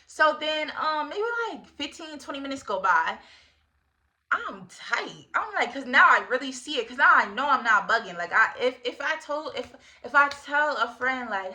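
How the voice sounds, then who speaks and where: A young woman in her twenties spins a casual storytime with a lot of energy and plenty of slang. Her voice sits fairly high and sounds crisp and bright, and she breaks into laughter often. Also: expressive, normal speed. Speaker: vlogger.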